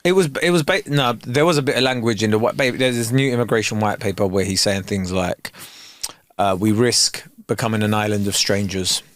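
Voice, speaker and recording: A man's voice: on the low side, fairly quick, fairly bright tone, dry recording. A man co-hosting a podcast, telling stories and arguing his opinions emphatically in casual banter. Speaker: podcast co-host.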